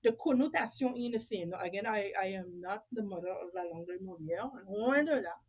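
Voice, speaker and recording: A woman's voice: mid-range voice, expressive, fairly quick, slightly rough, lo-fi sound. A woman in casual conversation, emphatic and opinionated, switching between English and French mid-sentence. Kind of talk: casual chat.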